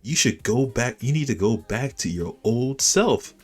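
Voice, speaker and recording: A man's voice: medium pitch, lively intonation, unhurried, husky, voice pushed up. A man doing a firm young man scolding.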